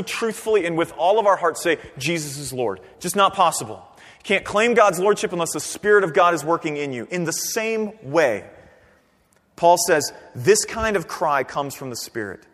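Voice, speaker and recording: A man preaching a sermon in a church, animated, swinging from near-shouts down to quiet, earnest tones. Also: normal speed. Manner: animated preaching, rising to near-shouts then dropping low. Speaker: pastor. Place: church sanctuary. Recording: long reverb of a church hall.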